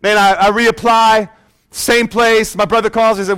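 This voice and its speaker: A man's voice: sits high, unhurried, smooth. A man in his thirties preaching a sermon, telling a personal story and calling out to the congregation. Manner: animated storytelling, calls out to congregation. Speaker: pastor.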